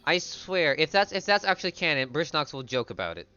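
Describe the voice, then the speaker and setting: A male player in a tabletop game, excitable and stammering as he talks. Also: on the high side, brisk, clean tone, lo-fi sound.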